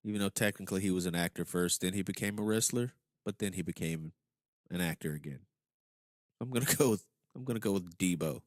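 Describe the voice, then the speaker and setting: A man's voice: sits low, brisk, no echo, clean studio sound. A man co-hosting a casual wrestling podcast, laid-back and laughing along. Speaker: podcast co-host.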